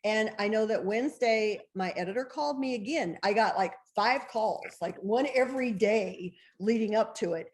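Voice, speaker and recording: A woman author, a guest in an interview, telling a story in an excitable way, laughing often and acting out the dialogue she recalls. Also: mid-range voice, moderate pace, hardly any pauses.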